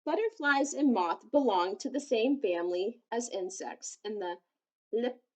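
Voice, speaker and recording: A woman reading a children's picture book aloud, gently adding asides that explain things to young listeners. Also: a little high, expressive, unhurried, poor audio.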